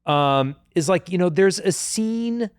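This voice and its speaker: A man co-hosting a podcast, chatting casually in an animated, joking way with lots of fillers. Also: high-pitched, clear, resonant tone, dry recording, studio quality. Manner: animated, jokey, puts on quick voices, many fillers. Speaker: podcast co-host. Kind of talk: casual chat.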